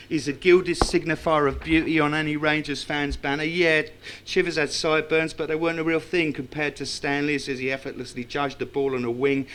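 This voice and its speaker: A man with a fairly high, slightly bright voice recites a tribute poem at a tribute evening in a club function room. He also tells wry, self-mocking anecdotes to the live audience there.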